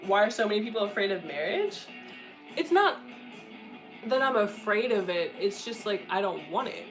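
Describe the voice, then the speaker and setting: Blunt, laughing twenties woman, casual candid chat, mid-pitched, guitar music under her. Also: big pitch swings, normal speed, rough recording. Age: 20s. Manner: blunt, profane, frequent laughter. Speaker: content creator answering questions.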